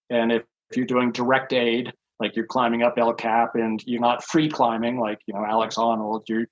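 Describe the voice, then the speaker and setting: A man's voice: mid-range voice, muffled recording. A man in his sixties, a podcast guest telling rambling stories with lots of fillers and chuckles. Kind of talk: casual anecdotal storytelling.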